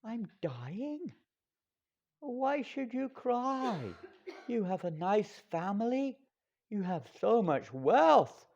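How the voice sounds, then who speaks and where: A man's voice: extremely high pitch, creaky, dark tone, clean tone, lo-fi sound, voice pushed up, heavily acted. A man voicing a dying old king, self-pitying and furious, in a sermon story.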